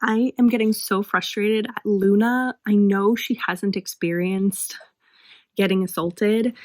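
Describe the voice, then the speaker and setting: A woman's voice: medium pitch, fairly even intonation, a little slow, darkish tone, dry recording. A woman talking passionately and emphatically in a casual book review vlog, with frequent fillers. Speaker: book vlogger.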